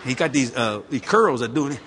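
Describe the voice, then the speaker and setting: Animated, folksy male preacher. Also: mid-range voice, fairly quick, slight background noise. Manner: animated and folksy, laughing at his own stories. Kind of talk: storytelling sermon.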